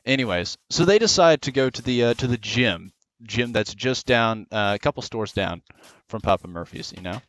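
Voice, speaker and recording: A man's voice: mid-range voice, lively intonation, normal speed, fairly bright tone, dry recording. A young man telling a long rambling story casually while gaming, full of fillers. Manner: rambling, lots of "you know" and "uh".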